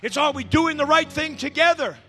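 High, bright-voiced preaching man. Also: fairly quick, big-room sound. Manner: impassioned preaching, swinging between shouts and hushed tones. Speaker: pastor. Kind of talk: sermon.

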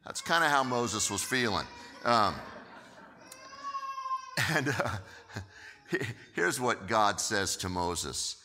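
A man preaching a sermon, telling the story in an animated way and often repeating words as he goes. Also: deep voice, slow pace, pauses often, in a large hall. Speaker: pastor.

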